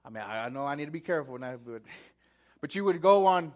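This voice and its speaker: A man preaching a sermon as pastor, repeating key words with long pauses and swinging from loud to hushed. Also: a little high, animated.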